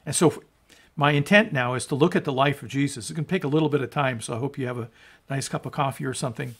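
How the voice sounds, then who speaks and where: A man preaching as a pastor, reading scripture aloud and explaining it in an earnest sermon, often restarting words and dropping low at the ends of phrases. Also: fast talker, fairly bright tone, slightly rough. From United States. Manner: earnest, rises in emphasis on quotes, drops low at phrase ends.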